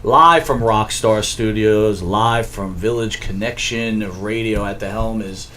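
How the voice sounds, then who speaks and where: Upbeat radio host. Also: male voice, lowish voice, slow, bright, forceful tone, a little hiss or hum. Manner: upbeat, introducing guests. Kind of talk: radio show hosting.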